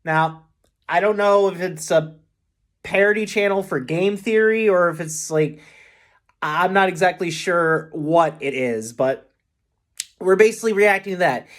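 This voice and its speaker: A man's voice: high-pitched, measured pace, a bit bright. A man hosting a casual reaction video, upbeat and rambling, often stopping to correct himself, with a voice that cracks now and then.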